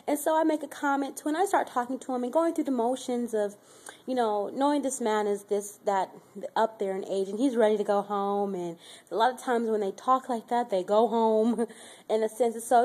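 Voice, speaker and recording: A woman's voice: on the high side, dark tone. A woman in her twenties telling a heartfelt personal story in a casual vlog, rambling with many fillers and growing more emotional as she talks. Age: 20s. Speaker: caregiver. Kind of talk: personal faith vlog testimony.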